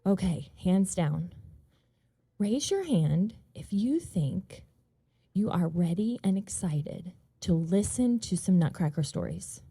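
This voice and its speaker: An American woman from a ballet company warmly addressing children at a library event, animated and encouraging. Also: on the low side, slow pace, husky, dry recording. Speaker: ballet company outreach host.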